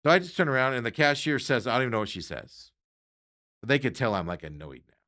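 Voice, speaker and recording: A man's voice: medium pitch, fast talker. A man hosting a podcast, telling an everyday story in a casual, exasperated way and acting out the lines of the people in it. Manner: animated, exasperated retelling of an everyday run-in; acts out other people's lines in quotes. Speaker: podcast host.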